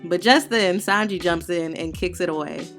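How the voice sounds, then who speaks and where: A woman's voice: lowish voice, normal speed, fairly bright tone, soft background music. A woman hosting a manga review, recapping the chapter in casual, slangy, opinionated talk with playful heckling asides.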